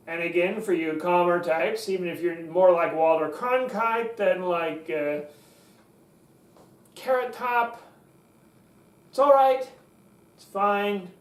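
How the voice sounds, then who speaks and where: A man teaching public speaking, who jumps his pitch up to show energy and drops it down to show authority. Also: slow pace, pauses often, distant mic. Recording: echoey room, voice from off the mic.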